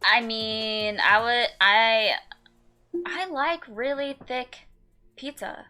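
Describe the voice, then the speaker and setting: A woman's voice: fairly high pitch, drawn-out words, pushed and bright, clear, resonant tone, faint music behind. A woman co-hosting a podcast, making dry, teasing remarks. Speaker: podcast co-host. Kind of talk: casual chat.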